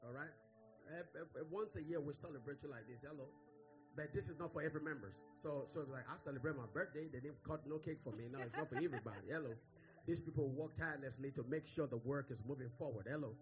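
An exuberant male pastor runs through announcements and a celebration, calling out "glory to God" to the congregation. His voice sits a little high for a man. Faint music plays underneath. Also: quick pace.

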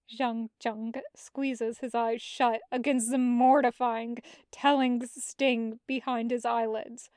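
Podfic narrator, woman, high voice, tender unhurried delivery. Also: little pitch movement, a little mellow, clean tone, no room sound, clean studio sound. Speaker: podfic reader. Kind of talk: audiobook narration of fan fiction.

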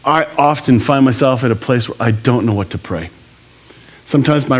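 A man preaching a sermon to a church congregation, conversational and animated, with jokey asides. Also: medium pitch, a little fast. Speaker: pastor.

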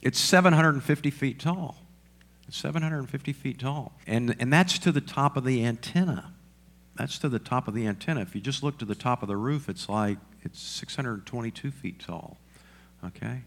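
A male pastor preaching a sermon, asking the congregation questions and repeating lines for emphasis. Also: mid-range voice.

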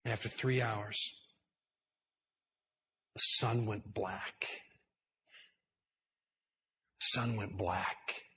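A man preaching a sermon in a church hall, telling the story with drama and dropping to hushed tones before building up louder. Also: fairly low pitch, fairly even intonation, very slow, pauses often. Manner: dramatic storytelling, swinging between hushed and loud. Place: indoor church hall with high ceiling.

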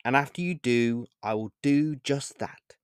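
A man reading a short story aloud, voicing a mysterious, sincere man in black who speaks in a calm, assured, gently insistent way. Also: medium pitch, a little slow, clean tone, no room sound, clean studio sound, natural voice.

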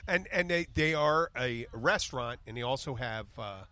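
A man's voice: mid-range voice, expressive, moderate pace, sharp tone. A man hosting a casual chat, joking and teasing as he talks over the others. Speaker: podcast host.

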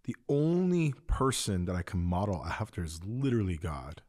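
A man co-hosting a podcast, speaking earnestly and a little haltingly about personal faith. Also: low-pitched, very animated, a little mellow. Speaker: podcast co-host. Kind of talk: casual faith conversation.

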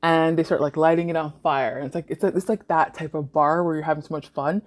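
A woman's voice: low-pitched, fairly even intonation, brisk. A young woman from Canada hosting a podcast, telling party stories casually, swearing freely and laughing often. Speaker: podcast host. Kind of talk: casual storytelling monologue.

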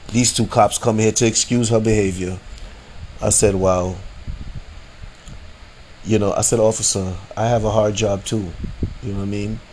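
A man's voice: on the low side, slight background noise. A man hosting a podcast, telling a story in a casual, slangy, rambling way and repeating his phrases. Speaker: podcast host.

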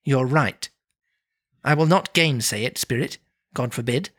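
Narrator doing old miser Scrooge, soft. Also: mid-range voice, a little slow, slightly rough. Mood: subdued.

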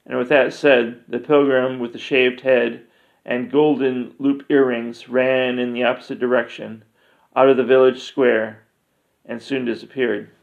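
A man reading a fantasy story aloud in a steady, deliberate narration. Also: medium pitch, creaky. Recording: dull lo-fi recording.

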